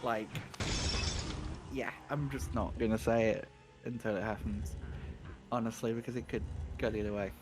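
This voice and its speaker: A man's voice: on the low side, steady tone, moderate pace, pauses often, a little mellow, soft background music. Teasing man commentating a speedrun. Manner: teasing, addresses chat.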